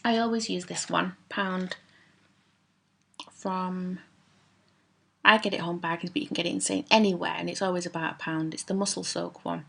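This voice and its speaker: A woman's voice: fairly low pitch, steady tone, normal speed, vocal fry, pauses often. A woman vlogging in a chatty, rambling, self-mocking way about favourite products. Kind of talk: casual chat to camera.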